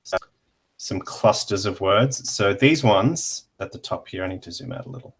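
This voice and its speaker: In a low-pitched voice with a breathy edge, a man teaches pronunciation in a casual online lesson while sharing his screen. This language teacher explains slowly, pausing a lot and using many fillers.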